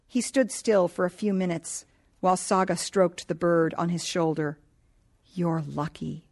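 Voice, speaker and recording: A woman narrating a novel in a calm, measured reading voice. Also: lowish voice. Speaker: audiobook narrator. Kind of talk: scripted narration.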